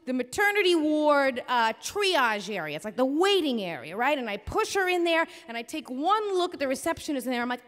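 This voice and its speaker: A woman hosting a live storytelling show and telling a story on stage into a microphone, in an animated, comic, blunt and profane way. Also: high-pitched, a little fast, hardly any pauses. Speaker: storyteller and host. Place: theater stage before a live audience. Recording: reverberant live theater hall.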